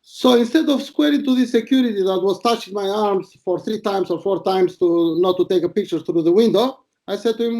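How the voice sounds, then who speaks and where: Blunt, crude, high-voiced man from Albania. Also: fairly quick, few pauses, mellow. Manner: blunt, crude, boastful, rambling. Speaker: retired paparazzo. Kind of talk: casual interview storytelling.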